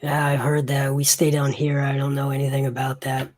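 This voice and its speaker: A game master narrating a tabletop game, talking in a slow, halting way with fillers. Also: medium pitch, monotone, darkish tone.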